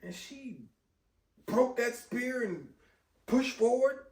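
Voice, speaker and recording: A man recapping a movie in casual chat, animated and slangy, often exclaiming. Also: very high voice, takes it slowly. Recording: roomy echo, distant mic.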